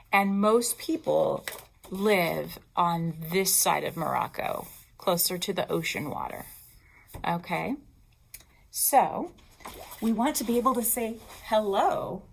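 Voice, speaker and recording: A woman librarian leading a storytime for young children, talking in an expressive, teacherly way. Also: lowish voice, creaky.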